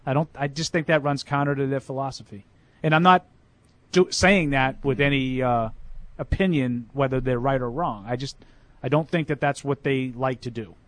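A man's voice: medium pitch, normal speed, no echo. Argumentative male sports radio co-host. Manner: emphatic, argumentative. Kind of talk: casual sports debate.

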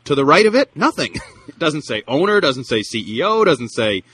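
A man's voice: a little high, very animated, moderate pace, fairly bright tone, breathy edge. A man co-hosting a sports talk radio show, arguing his point and teasing in casual banter. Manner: argumentative, teasing. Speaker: radio co-host.

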